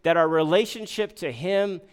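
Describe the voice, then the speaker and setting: A high-pitched pastor preaches at normal speed with a clean tone. He chats with the congregation in a conversational way, throwing out rhetorical questions and frequently restarting.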